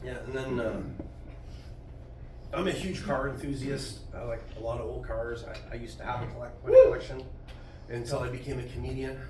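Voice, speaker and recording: A man's voice: mid-range voice, steady tone, fairly quick. Middle-aged male comic, crude and self-mocking, heard from a distance in an echoey, noisy club. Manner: crude, self-deprecating storytelling. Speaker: stand-up comedian. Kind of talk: stand-up comedy set. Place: comedy club stage with audience. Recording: roomy club sound from afar, noisy.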